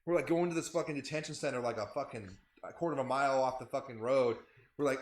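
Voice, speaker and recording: Young guy in a band telling a wild tour story, swears a lot, animated, echoey room. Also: mid-range voice. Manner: animated, profane, fast-talking storyteller. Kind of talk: casual podcast storytelling. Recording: roomy echo.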